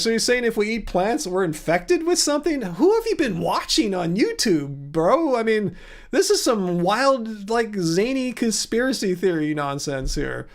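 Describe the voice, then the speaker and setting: A man hosting a livestream, chatting casually in response to viewer comments with a sarcastic, incredulous manner, rambling with plenty of fillers. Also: sits high. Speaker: livestream host.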